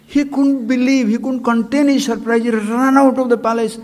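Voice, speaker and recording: A man's voice: extremely high pitch, little pitch movement, moderate pace, a little mellow. A man giving a spiritual talk at a retreat camp, telling stories animatedly, asking rhetorical questions and poking bluntly at his listeners. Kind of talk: spiritual discourse with storytelling. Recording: long hall reverb.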